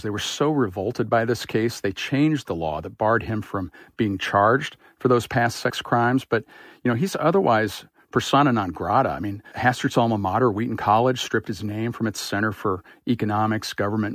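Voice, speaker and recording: A man's voice: mid-range voice, dry recording, clean studio sound. A man politics editor speaking in a conversational, thoughtful news interview.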